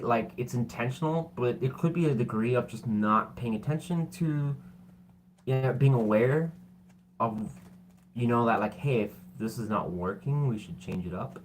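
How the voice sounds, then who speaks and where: A man's voice: mid-range voice, slight background noise. Guy doing a tarot reading, rambly and loose, lots of um and like, keeps apologizing and laughing at himself. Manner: rambling, loose, with many fillers; self-deprecating and apologetic. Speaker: tarot reader.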